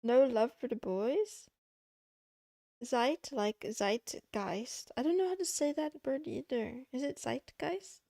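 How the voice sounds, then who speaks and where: A young woman livestreams from her desk and talks playfully with her chat as she codes. Her voice sits a little high with a gravelly fry, and she speaks slowly. The sound is close and dry. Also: animated, warm tone, dry recording. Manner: playful, talks to chat while working, giggly. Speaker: VTuber streamer. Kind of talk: casual coding livestream chat.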